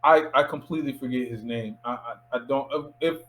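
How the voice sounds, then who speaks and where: A man in his thirties from Miami, a filmmaker guest telling a lively anecdote in a casual interview and acting out the voices of people in it. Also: medium pitch, moderate pace, low-quality recording. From Miami, USA. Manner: animated anecdote teller who acts out quoted voices.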